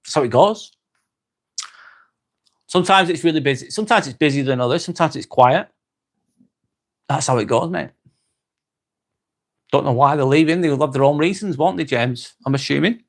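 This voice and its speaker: A man with an East Lancashire accent hosting a live stream, chatting calmly with viewers, reading their comments and calling them mate as he winds down. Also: fairly high pitch, vocal fry. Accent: East Lancashire English. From North West England. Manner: calm, unhurried, winding down, calls people mate.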